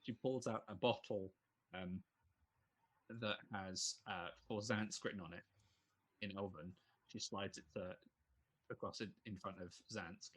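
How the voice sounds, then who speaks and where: A man's voice: deep voice, steady tone, a little slow, pauses often, husky. A man narrating as game master of a tabletop game, rambling with many fillers.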